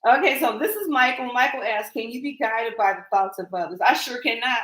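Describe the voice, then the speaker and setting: Here an older woman hosts a tarot livestream, speaking briskly in a fairly high, fairly bright voice with lively intonation. The recording is rough. Chatty and rambling, she laughs often and talks to her viewers in casual stream chat.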